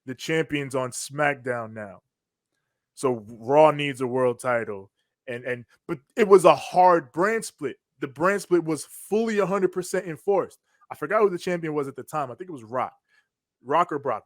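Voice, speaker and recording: A man's voice: fairly high pitch, no room sound. Slangy man recapping wrestling, dry sound. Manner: animated storytelling with slang, acting out quotes. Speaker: podcast co-host. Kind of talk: casual wrestling recap chat.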